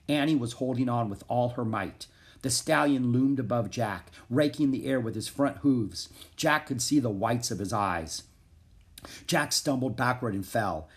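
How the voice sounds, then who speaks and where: A man narrating a children's chapter book in a steady, measured reading voice. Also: mid-range voice. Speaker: audiobook reader.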